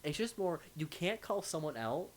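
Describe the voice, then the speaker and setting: A man's voice: fairly high pitch, big pitch swings. A young man co-hosting a podcast, rambling and joking in casual chat. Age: young adult. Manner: rambling, joking, quick asides. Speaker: podcast co-host.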